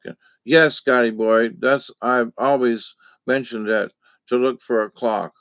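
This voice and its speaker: A man's voice: medium pitch, fairly even intonation, unhurried, dry recording, highs cut off. A man talking in a casual, rambling monologue, folksy and digressive, with lots of fillers. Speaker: vlogger.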